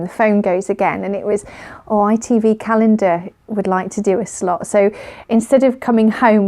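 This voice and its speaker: This is a woman telling a personal story in a relaxed vlog. Her voice sits at a middling pitch with a dark, mellow tone. She rambles cheerfully, laughing often between her ums and uhs. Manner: chatty, laughs often, many fillers. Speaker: vlogger. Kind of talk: casual storytelling.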